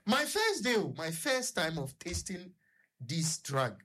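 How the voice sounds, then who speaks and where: Husky Ghanaian man telling a story. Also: sits high, sing-song, sharp tone. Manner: halting, with stuttered repetitions. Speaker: guest on a radio discussion. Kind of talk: personal storytelling in conversation.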